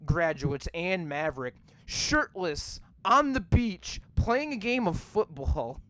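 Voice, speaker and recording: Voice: medium pitch, expressive, takes it slowly, fairly bright tone, no echo. A podcast host giving a rambling, profane rant while reviewing a movie. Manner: ranting, profane, rambling with many fillers.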